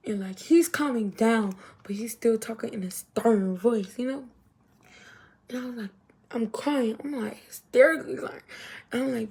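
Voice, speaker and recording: A young adult woman telling a storytime to her viewers in an animated, chatty way. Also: a little high, a little fast, husky. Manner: animated, chatty, heavy use of 'literally' and 'y'all'. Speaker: vlogger. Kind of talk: casual storytime.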